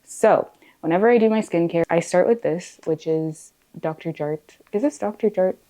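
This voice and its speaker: A woman's voice: on the low side, moderate pace, mellow. A woman in her late twenties, born in Zimbabwe and raised in the US, chatting casually through her skincare routine with playful, joking asides. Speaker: beauty vlogger. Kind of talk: casual get-ready-with-me chat.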